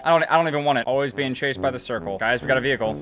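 A man's voice: medium pitch, very fast, music in the background. A young man giving live commentary over his own gameplay, swearing a lot and mocking himself. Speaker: gaming YouTuber. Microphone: desk condenser microphone.

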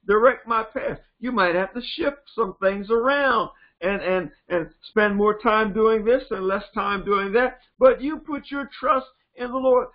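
An older male pastor preaches with a high, lively voice, telling stories and slipping into characters as he goes. The sound is dull and lo-fi. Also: measured pace, few pauses. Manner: animated storytelling, acts out voices. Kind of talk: sermon.

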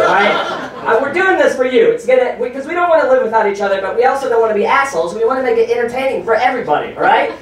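High-voiced man doing stand-up, very echoey. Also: a little hiss or hum. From United States. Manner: animated, profane, shouts punchlines. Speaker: stand-up comedian hosting a show. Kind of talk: stand-up comedy set. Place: comedy club stage. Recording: very echoey club audio, from far off.

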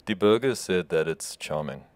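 A South African musician with a South African English accent, chatting in a laid-back, joking way as a radio guest. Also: male voice, low-pitched, animated, moderate pace, darkish tone. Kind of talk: casual radio interview.

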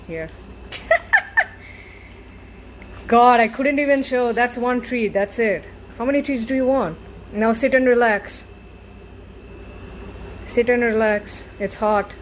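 A woman's voice: fairly high pitch, slow pace, pauses often. A woman vlogging while dog-sitting, talking to the dog in a coaxing, playful way. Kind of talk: casual vlog talk. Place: outdoors with a dog, near a dog park. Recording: noisy outdoor camera audio.

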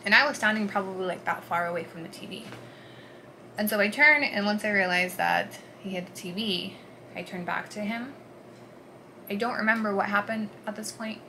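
A woman speaks at a middle pitch, recounting her own story earnestly and haltingly. Her voice sinks to a hush at some moments and turns forceful at others. Clear background noise runs under the home recording. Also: rough recording. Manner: earnest, halting, swings between hushed and forceful. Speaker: vlogger. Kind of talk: personal storytelling.

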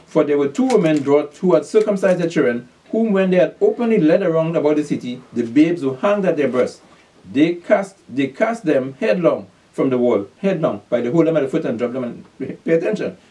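A man's voice: on the high side, animated, fairly quick, mellow, distant mic. A man preaching a bible class, reading scripture aloud and explaining it with emphatic questions and repeated calls to pay attention. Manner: reads scripture aloud then explains it in call-and-response questions.

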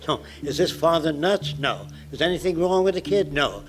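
A man's voice: fairly high pitch, lively intonation, normal speed, rough recording. A man in his nineties giving a public lecture in a blunt, provocative way. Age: 90s.

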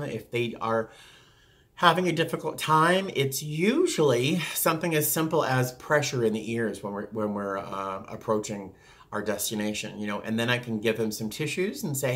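A man who works as a flight attendant, chatting casually and acting out passengers with sudden jumps in pitch. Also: moderate pace, a bit bright. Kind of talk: casual talk to camera.

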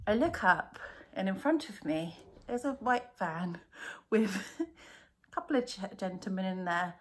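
A woman talks casually to her camera as a cross-stitch vlogger. Her voice sits at an ordinary, mid pitch. She rambles and pokes fun at herself in a chatty, easy way. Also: very animated, unhurried. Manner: chatty, rambling, self-mocking, giggly.

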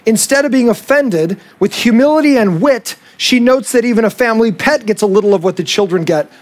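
A male pastor preaching a sermon, animated and acting out the voices he quotes. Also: sits high, brisk.

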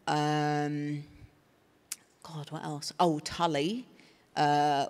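A woman's voice: low-pitched, gravelly. An English woman, a guest actress at a live panel, answering questions in a thoughtful, rambling way with many fillers and restarts. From England. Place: stage at a festival panel. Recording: reverberant hall from a live event.

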